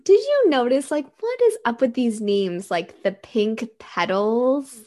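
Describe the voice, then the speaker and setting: A woman co-hosting a podcast, chatting animatedly about a reality show, quick to laugh. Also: on the high side, expressive, a little mellow. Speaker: podcast co-host. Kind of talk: casual chat recapping a reality show.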